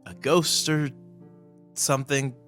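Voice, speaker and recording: A stunned adult husband who stops and restarts as he talks, as a man voices him. The voice is bright, with quiet music underneath. The scene comes from a tabletop role-playing game. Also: a little high, flat delivery, pitched above the performer's own voice. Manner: halting, hesitant.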